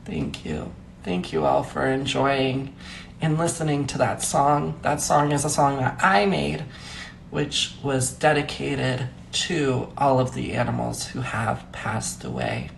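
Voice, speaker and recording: Slow, gravelly man, mock-solemn. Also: mid-range voice, expressive, a little hiss or hum. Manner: theatrical, mock-grieving, drawn-out wails. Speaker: comedic livestream host. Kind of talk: mock-solemn comedy livestream.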